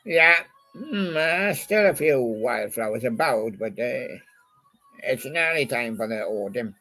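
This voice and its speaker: A man's voice: mid-range voice, animated, takes it slowly, pushed and bright, soft background music. A man in a rambling, casual monologue, reminiscing about old songs and chatting to a toy badger. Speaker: channel host.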